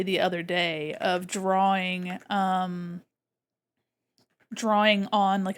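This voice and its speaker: A woman streamer chatting casually while she draws. She is bubbly, greets her chat and exclaims often. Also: medium pitch.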